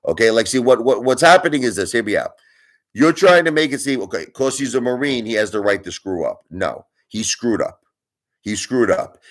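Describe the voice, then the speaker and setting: A man's voice: mid-range voice, animated. A man hosting his own channel, ranting at his viewers in a casual way, emphatic and argumentative, often asking "you understand?". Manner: argumentative, speeds up and slows down for emphasis. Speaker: channel host. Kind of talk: casual opinion rant to viewers.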